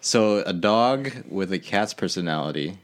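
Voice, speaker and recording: Man, easygoing podcast co-host, lowish voice, trails off mid-thought. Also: lively intonation, normal speed. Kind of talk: casual chat.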